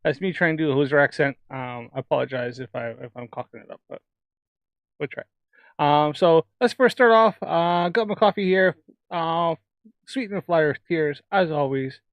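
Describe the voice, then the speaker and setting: A man's voice: a little high, normal speed, dry recording, dull audio. A man from Alberta, Canada, with a Canadian accent, rambling in casual chat while hosting a livestream. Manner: rambling, chatty. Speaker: livestream host.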